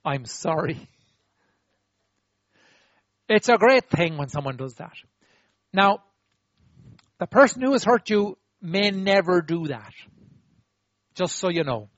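High-voiced animated preacher, dry sound. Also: male voice, takes it slowly, long pauses, dry recording, lo-fi sound. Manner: animated, demonstrative, acts out apologies, asks the audience to repeat. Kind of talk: sermon.

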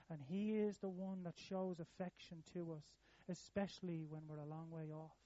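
A man preaching a sermon in an earnest way, rising in pitch and volume when he repeats a phrase. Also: steady tone, unhurried, mellow, no echo, dull audio.

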